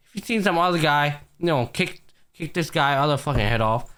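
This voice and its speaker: A man's voice: a little high, fairly quick. Guy on an anime podcast hyping up episodes, cussing a lot, doing the characters' lines. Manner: animated storytelling, heavy swearing, acts out characters. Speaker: podcast host. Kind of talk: casual anime podcast chat.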